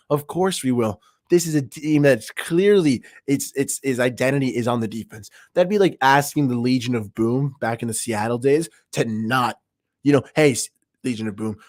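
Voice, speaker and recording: A man's voice: a little high, a little mellow, dry recording, studio quality. A young man hosting a fan livestream, talking football in a hyped, emphatic and rambling way. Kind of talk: excited sports fan livestream talk.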